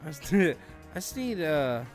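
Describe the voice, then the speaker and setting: Crude joking young man, higher voice. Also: very animated, unhurried, soft background music. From Florida. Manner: crude, joking, laughs often. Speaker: podcast co-host. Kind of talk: casual chat.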